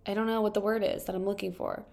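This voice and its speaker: A young woman with a stuffed-up, congested voice, casually reading confession posts aloud and chatting through them with quick, wry asides. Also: medium pitch, flat delivery, creaky, warm tone. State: congested from allergies. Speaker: video host reading and reacting to confession posts.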